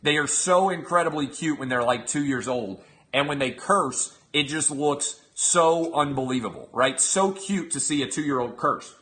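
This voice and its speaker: Emphatic bright-voiced male show host. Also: fairly high pitch, moderate pace, few pauses. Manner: emphatic, asks the audience 'all right?'. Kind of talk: opinionated monologue.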